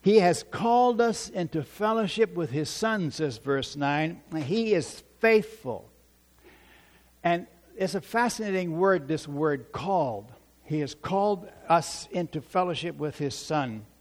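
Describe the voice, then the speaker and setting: A man preaching a sermon in a church, slow and emphatic, repeating key phrases for stress. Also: fairly high pitch, animated. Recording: long reverb of a large hall.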